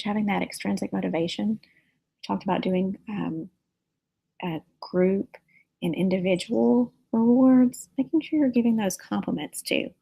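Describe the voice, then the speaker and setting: Husky teacher woman with gravelly edge. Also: mid-range voice, mellow, poor audio. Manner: earnest, practical, tells classroom stories. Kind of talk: teaching lecture on classroom management.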